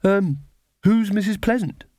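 A man's voice: high voice, measured pace, mellow, no room sound, studio quality, pitched above the performer's own voice. A man voicing a timid young witch woman who hesitates and stammers. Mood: flustered.

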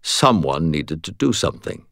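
A man voicing a calm male archangel who speaks slowly and deliberately, with dry wit, in an audiobook reading. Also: very deep voice, gravelly, dry recording, pitched below the performer's own voice, exaggerated voice.

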